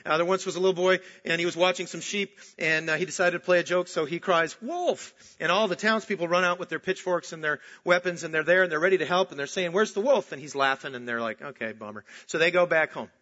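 A man preaching a sermon, emphatic, swinging from loud outbursts to slow, hushed stresses. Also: sits high, fairly even intonation. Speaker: pastor. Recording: dull lo-fi recording.

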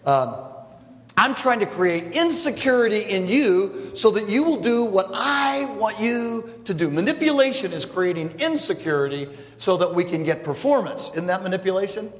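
A man's voice: high-pitched, sing-song, normal speed. A man, a pastor, preaching a conversational sermon with jokes to a congregation. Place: large church hall. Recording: echoey hall, reverb. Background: congregation laughing.

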